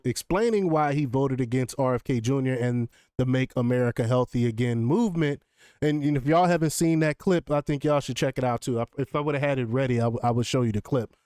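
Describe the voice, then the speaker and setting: A man hosting casual political commentary, chatty and excitable, often laughing and filling pauses with ums. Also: medium pitch, clean tone, no echo, clean studio sound.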